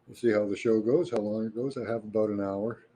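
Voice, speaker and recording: Husky low-voiced Canadian man. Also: fairly quick, poor audio. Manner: relaxed and rambling, with frequent fillers. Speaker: livestream host. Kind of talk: casual live-stream chat, answering viewer comments.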